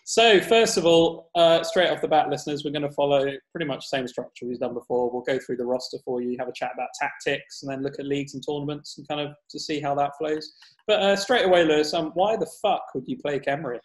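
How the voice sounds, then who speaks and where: A man's voice: fairly high pitch, fast, reverberant, rough recording. A man hosting a podcast, casual, joking and swearing, laughing often. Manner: jokey, sweary, laughs a lot. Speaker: podcast host.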